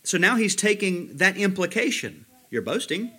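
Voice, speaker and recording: A man preaching a sermon as pastor, slowing down to stress key words and quoting commentators. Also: high voice, big pitch swings, bright, forceful tone, slightly rough. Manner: emphatic, slows down to stress words, quotes commentators.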